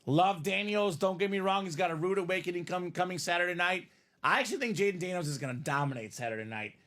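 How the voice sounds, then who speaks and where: A man's voice: sits high, lively intonation, quick pace, fairly bright tone. A man hosting a live stream, chatting casually and reading viewer comments aloud.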